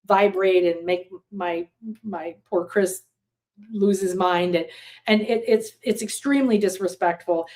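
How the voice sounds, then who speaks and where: A woman's voice: mid-range voice, a little mellow. Chatty woman teaching a live online class. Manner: chatty, rambling storyteller with frequent fillers and restarts; reads and answers viewer comments aloud. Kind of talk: casual live-streamed teaching. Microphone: computer setup with screen sharing.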